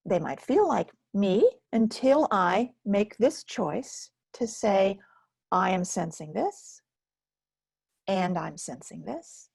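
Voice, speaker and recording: A woman teaches a live self-care webinar, reading out the chat as she goes. She speaks slowly and gently, often sinking into a soft near-whisper. Her voice has a husky, gravelly texture, picked up dry and close on a computer mic. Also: mid-range voice, animated, no echo.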